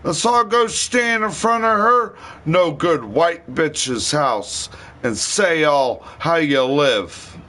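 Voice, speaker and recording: A man's voice: a little high, lively intonation, slow, bright, forceful tone. A man livestreaming a rambling, profane rant in heavy slang.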